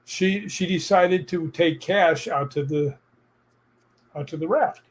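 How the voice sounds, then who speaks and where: A man telling personal stories in a casual chat, animated and laughing as he goes. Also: a little high, takes it slowly, a little hiss or hum.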